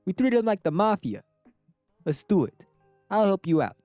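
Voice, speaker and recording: A man voicing a brash teenage ninja boy with a put-on Italian-American mobster accent, loud and boastful. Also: sits high, big pitch swings, moderate pace, dry recording, soft background music, pitched above the performer's own voice.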